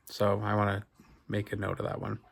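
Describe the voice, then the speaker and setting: A man's voice: fairly low pitch, completely flat delivery, a little fast, vocal fry. A man, a barber casually telling an anecdote to his viewers, rambling and amused. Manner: rambling, amused, full of fillers. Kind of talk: casual storytelling to camera.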